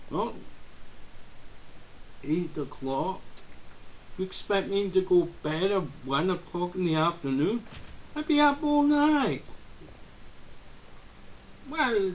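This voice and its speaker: Rambling goofy man with slow talk. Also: high voice, slight background noise, rough recording. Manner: rambling, goofy, breaks into silly singing. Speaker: let's play gamer. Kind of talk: rambling gameplay commentary.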